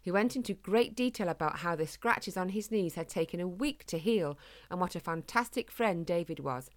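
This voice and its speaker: A woman narrates a children's storybook. She reads in a gentle, measured way, and her voice sits on the lower side. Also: lively intonation. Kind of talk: storybook reading.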